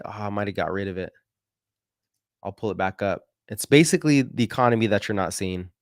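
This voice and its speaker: A man's voice: on the low side, dry recording, studio quality. Rambling man talking stock charts. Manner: rambling, self-correcting, slangy. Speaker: market analysis host. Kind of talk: casual chart commentary.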